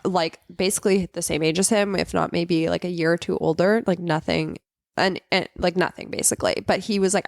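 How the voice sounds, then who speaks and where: A woman's voice: on the low side, steady tone, a little fast, creaky, no room sound, clean studio sound. A young woman, a podcast guest, chatting casually in a rambling way with lots of fillers. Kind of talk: casual chat.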